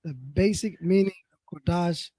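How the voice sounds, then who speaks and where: A man in a class reading dictionary definitions aloud, somewhat haltingly. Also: high voice, mellow, dry recording.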